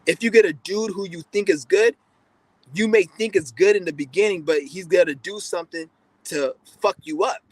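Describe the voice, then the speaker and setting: A man with a fairly high voice holds forth in a blunt, profane, rambling monologue, often restarting his sentences. The sound is dry and close, with no room around it. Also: moderate pace, breathy edge, no echo, poor audio. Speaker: podcast host. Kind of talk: casual monologue.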